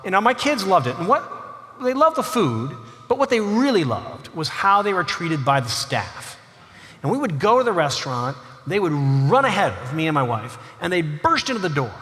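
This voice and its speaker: A man giving a humorous storytelling lecture as an author, with animated delivery, chuckling asides and frequent "you know"s. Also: sits high, normal speed. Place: large lecture hall. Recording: long hall reverb, faint noise.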